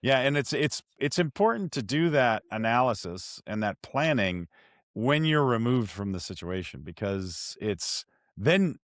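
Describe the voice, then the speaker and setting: A man hosting a podcast interview, telling stories in an animated, self-deprecating way with frequent restarts. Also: mid-range voice, measured pace, no room sound, studio quality. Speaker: podcast host. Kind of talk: conversational interview.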